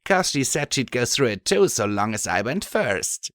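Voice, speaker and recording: A man voicing a cheerful female pony soldier who talks about pain with dark amusement. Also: mid-range voice, very animated, normal speed, no echo, clean studio sound, voice pushed up. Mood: amused.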